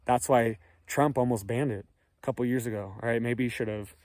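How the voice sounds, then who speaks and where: A hoarse man hosting a casual commentary video, rambling and emphatic and checking in with viewers after each point. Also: medium pitch, steady tone, fairly quick, a little mellow, dry recording, studio quality. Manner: rambling, emphatic, frequent "okay?" and "all right?" check-ins. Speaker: commentary channel host.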